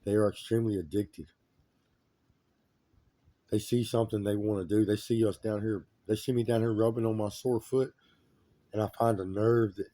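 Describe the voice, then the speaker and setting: A man's voice: lowish voice, mellow, no echo. A man in a rambling, agitated monologue who repeats his complaints emphatically.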